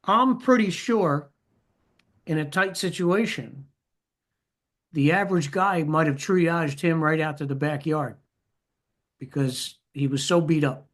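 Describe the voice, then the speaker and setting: A male podcast host with a fairly high voice chats casually with his guest. He mostly answers with short affirmations and now and then adds a thoughtful comment. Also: measured pace, long pauses, fairly bright tone. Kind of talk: casual interview chat.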